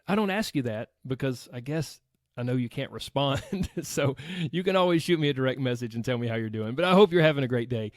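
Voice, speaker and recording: A man with a Southern American accent hosts a solo podcast, speaking directly to his listeners in an upbeat, chatty way. His voice is medium-pitched with lively intonation and a slightly fast pace, in a dry, studio-quality recording.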